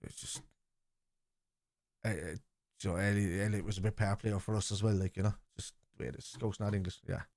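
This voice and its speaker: A man's voice: lowish voice, fairly even intonation, brisk, pauses often, a little mellow, dry recording. An Irish man in his forties, hosting a football watchalong stream and lecturing his chat in an argumentative way. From Ireland. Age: 40s. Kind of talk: live stream chat reply.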